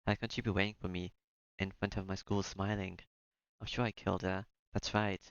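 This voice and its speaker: A man's voice: deep voice, level tone, fairly quick, smooth, no echo, dull audio. A man reading a visual novel aloud in the first person, breaking off now and then for joking asides. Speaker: let's-play streamer.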